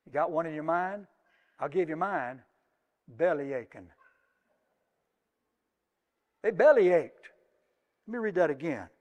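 A man preaching a sermon, moving between quiet asides and loud emphatic peaks and asking his congregation questions. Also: on the high side, lively intonation, moderate pace, pauses often, long reverb tail, muffled recording.

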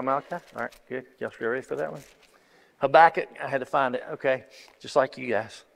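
A pastor preaching an impassioned sermon, building to emphatic peaks and often restarting phrases. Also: male voice, medium pitch. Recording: long reverb of a large hall.

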